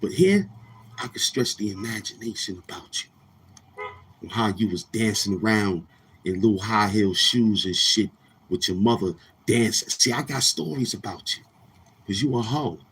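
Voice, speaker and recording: Brash, husky man ranting as host. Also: fairly low pitch, moderate pace, a bit bright. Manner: brash, trash-talking, repeats words. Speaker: YouTube show host. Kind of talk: boastful morning-show rant.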